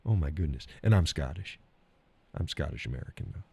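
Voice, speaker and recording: A man's voice: rumbling low, animated, brisk, vocal fry, darkish tone, breathy edge, highs cut off. A man hosting a live stream, chatting casually about viewer comments, rambling, repeating himself and chuckling often.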